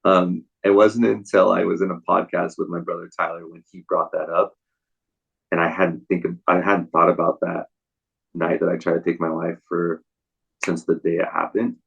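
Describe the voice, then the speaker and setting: A young man as a podcast guest, telling his story in a soft, halting way with many restarts. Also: sits low, little pitch movement, creaky, slightly rough, dull audio. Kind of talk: casual interview storytelling.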